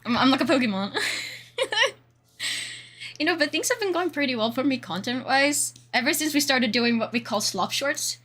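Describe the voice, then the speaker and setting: Young Swedish woman streamer, high bright voice with lots of bounce, giggly and rambling. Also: expressive, moderate pace. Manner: giggly, rambling, frequent laughter. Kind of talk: casual livestream chat.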